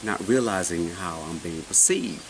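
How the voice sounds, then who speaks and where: Animated man in his forties telling a story. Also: sits low, moderate pace. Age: 40s. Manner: animated, asks the listener questions often. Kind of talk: casual storytelling to a friend. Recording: noisy recording.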